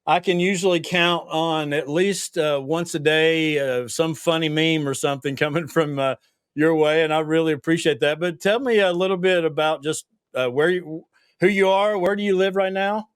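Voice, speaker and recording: A man's voice: fairly high pitch, steady tone, moderate pace, clear, resonant tone, no echo, clean studio sound. A man with a Southern US accent hosting a casual interview, hesitant and self-deprecating with lots of fillers. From Tennessee. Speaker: podcast host.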